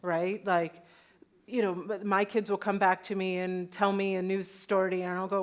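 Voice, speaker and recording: A woman hosting a live panel discussion, relaxed and wry as she tells stories about her kids. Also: medium pitch, moderate pace, clear, resonant tone. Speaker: host. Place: on stage in a town hall venue.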